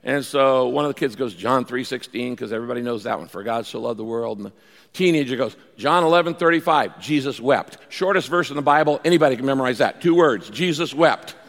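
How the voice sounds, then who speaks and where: A man preaching as pastor, animated, acting out pleading prayers and telling stories to his congregation. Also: mid-range voice, brisk, big-room sound. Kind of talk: sermon.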